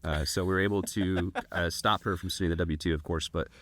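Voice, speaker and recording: Fast-talking low-voiced man telling stories. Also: steady tone, fairly bright tone, no echo. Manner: rambling storytelling with many restarts. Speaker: podcast co-host. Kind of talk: casual chat.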